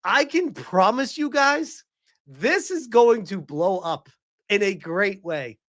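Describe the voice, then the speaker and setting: A man's voice: sits high, expressive, slow pace, a bit bright. A man giving heated, profane reaction commentary, reading article quotes aloud between his own remarks.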